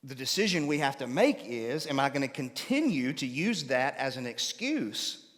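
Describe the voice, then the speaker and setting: A man's voice: mid-range voice, very animated, normal speed, a bit bright, long reverb tail. A man preaching a conversational Bible-class sermon in a church. He explains patiently and often checks in with his listeners by asking them questions.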